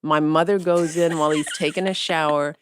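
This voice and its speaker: A woman's voice: low voice, a little fast, a little hiss or hum. A woman in her sixties, a podcast guest, telling family stories with laughter and acted-out quotes. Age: 60s. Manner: animated storyteller who laughs and acts out family quotes. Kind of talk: casual interview chat.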